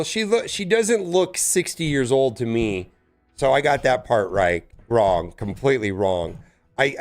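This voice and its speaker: A man streaming a mobile game, chatting casually with viewers in a rambling, stammering way that bursts into loud exclamations. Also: mid-range voice.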